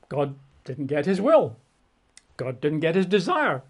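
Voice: mid-range voice, big pitch swings, moderate pace, husky. Preacher, sermon, emphatic, repetitive lists, conversational asides. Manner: emphatic, piles up repeated synonyms, conversational asides. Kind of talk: sermon, Bible exposition.

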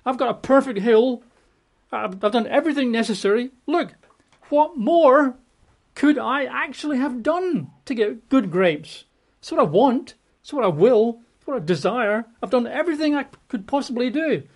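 A preacher voicing God as an exasperated, pleading father figure, dramatizing scripture with raised, loud questions. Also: mid-range voice, lively intonation, normal speed, pitched above the performer's own voice.

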